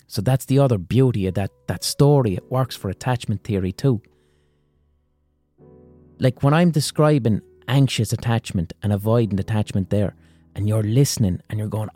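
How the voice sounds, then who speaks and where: Mellow-voiced man, frank casual talk. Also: fairly low pitch, normal speed, dry recording, faint music behind. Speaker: podcast host. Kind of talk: casual psychology talk with storytelling.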